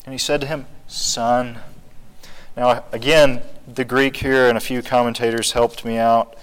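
A man's voice: medium pitch, little pitch movement, measured pace, clear, resonant tone, low-quality recording. A man leading a Bible study, teaching earnestly and rising to pleading emphasis.

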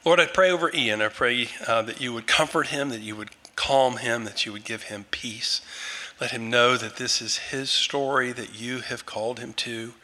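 A male pastor leading an earnest, halting prayer before a church group. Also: medium pitch, fairly even intonation, pushed and bright, in a large hall. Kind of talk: sermon and prayer.

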